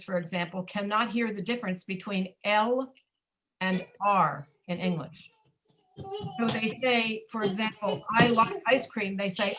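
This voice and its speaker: A woman's voice: medium pitch, fairly bright tone. A woman teaching a pronunciation class over a video call, explaining patiently and checking in with her students. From Florida, USA.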